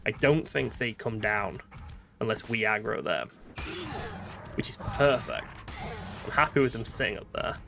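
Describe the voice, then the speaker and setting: A northern British man talks his way through a game, thinking aloud and poking fun at himself. His pitch swings about with animation. Soft background music plays under his voice. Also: lively intonation, a little slow, creaky, pauses often. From northern Britain. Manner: chatty, thinks aloud, self-mocking. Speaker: gaming streamer. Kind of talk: casual gameplay commentary.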